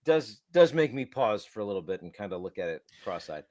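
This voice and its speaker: A man's voice: fairly low pitch, very animated, brisk, darkish tone, no room sound, clean studio sound. A man co-hosting a developer podcast, telling stories in a casual, rambling way with many restarts. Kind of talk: casual tech chat.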